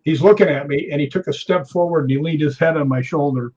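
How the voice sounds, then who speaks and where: A man with a slightly high, husky voice tells an animated story as a guest on a talk show. He keeps checking in with his listener as he goes. The recording sounds dull and lo-fi. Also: fast. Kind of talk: telling a story in a chat show.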